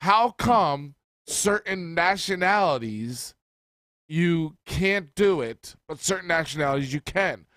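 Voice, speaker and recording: A man with a somewhat high voice, recorded dry and close. He co-hosts a podcast in casual chat, arguing heatedly and swearing through quick rants. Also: expressive, a bit bright, dry recording. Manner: argumentative, swearing, rapid rants. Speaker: podcast co-host.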